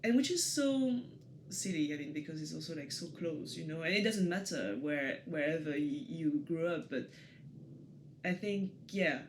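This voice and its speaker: A woman's voice: sits low, animated, moderate pace, a little hiss or hum. Hesitant French woman, chatty interview guest. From France, Paris suburbs. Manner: hesitant, many fillers and restarts, laughs easily. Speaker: guest photographer. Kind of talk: casual interview talk.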